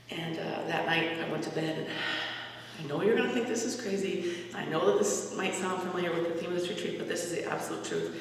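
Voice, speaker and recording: A woman's voice: fairly low pitch, animated, fast talker. Woman retreat speaker, earnest storyteller, recorded from afar in a reverberant hall. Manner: earnest, conversational, with frequent restarts. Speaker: campus minister giving a retreat talk. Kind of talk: personal testimony storytelling. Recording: echoey hall recording from far off.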